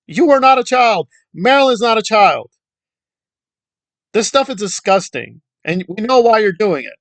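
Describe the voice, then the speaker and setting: A man's voice: a little high, creaky, a bit bright, no room sound. A man delivering an angry commentary rant, scornful and insulting, and repeating his points for emphasis. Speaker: YouTube commentator.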